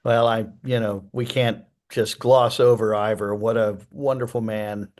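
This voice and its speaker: A man's voice: fairly low pitch, fairly even intonation, a little slow, darkish tone. A man, an author appearing as a guest, answering in a thoughtful, rambling way with frequent fillers. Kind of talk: casual interview chat.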